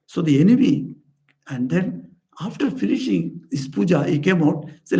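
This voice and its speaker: A man's voice: expressive, moderate pace, vocal fry, warm tone. A man, a swami telling parables in an earnest sermon, raising his voice for the characters he quotes. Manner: earnest storyteller, lifts pitch for quoted characters. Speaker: swami giving a spiritual talk. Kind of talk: storytelling sermon. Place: society house room.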